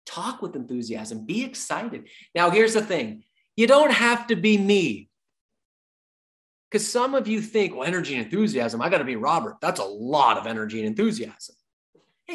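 A man giving an energetic sales training talk, repeating his key points like a coach and acting out little dialogues with clients. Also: high voice. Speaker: real estate sales trainer.

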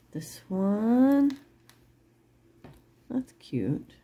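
A woman's voice: fairly high pitch, muffled recording. A middle-aged woman selling jewelry online in casual, rambling chat, laughing often and apologizing after she curses. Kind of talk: casual live-sale chat.

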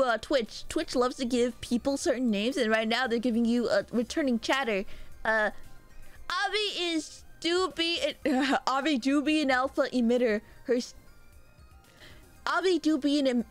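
A young woman from Mexico streaming and chatting loosely with viewers, loud and rambling, often laughing at herself. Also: high voice, soft background music. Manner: loud, rambling, self-mocking, quick laughs. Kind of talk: casual live-stream chat with viewers.

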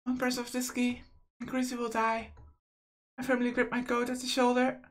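A woman's voice: fairly high pitch, completely flat delivery, normal speed. A woman hosting a game playthrough, reading visual novel narration aloud in an earnest, emotional first-person way. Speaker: let's play host.

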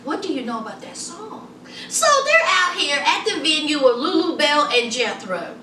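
Sassy woman vlogger with a high, bright voice, recorded a bit far from the mic in a roomy space. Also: sing-song, moderate pace, slight background noise. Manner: sassy, chatty, calls viewers honey and child. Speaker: reality TV reviewer. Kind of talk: casual review commentary. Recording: roomy echo, distant from mic.

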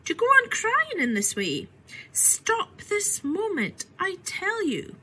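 A woman voicing a curious, fretful little Victorian girl in a storybook reading, switching between a bright voice and hushed whispers. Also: a little high, very animated, a little slow, slightly rough, exaggerated voice, rough recording. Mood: scolding.

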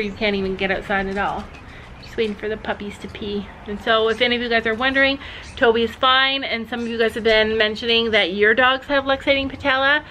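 A woman vlogging casually to her viewers, chatty and animated as she talks straight to the camera from her backyard. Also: medium pitch, slight background noise. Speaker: family vlogger. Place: outdoors in a backyard.

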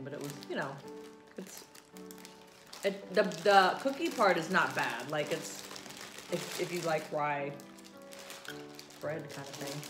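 Chatty middle-aged woman host from Minnesota, lively low voice, echoey room with music behind. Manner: chatty, animated, laughs often. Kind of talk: casual food review chat.

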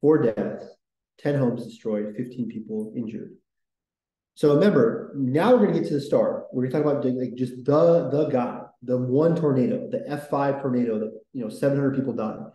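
A man's voice: mid-range voice, normal speed, dark tone, lo-fi sound. Rambling enthusiastic man in a roomy room. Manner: rambling, enthusiastic, full of fillers. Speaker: podcast host. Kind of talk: casual history podcast chat.

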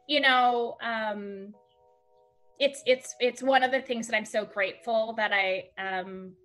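A woman podcast guest telling a personal story in a halting way, with many fillers, close to tears. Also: on the high side, fairly even intonation, a bit bright, soft background music. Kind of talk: emotional conversational storytelling.

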